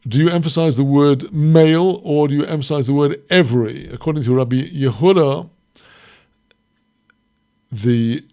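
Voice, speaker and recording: A man teaching a recorded Mishnah lesson, reading short Hebrew phrases and explaining each one slowly in English. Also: a little high, warm tone, clear, resonant tone. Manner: explains slowly, quotes Hebrew then translates. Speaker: Torah teacher.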